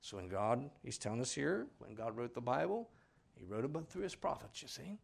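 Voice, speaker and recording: A man preaching a sermon, emphatic and full of questions to his listeners, swinging between loud declarations and hushed asides. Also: medium pitch, expressive, normal speed, creaky, slightly rough.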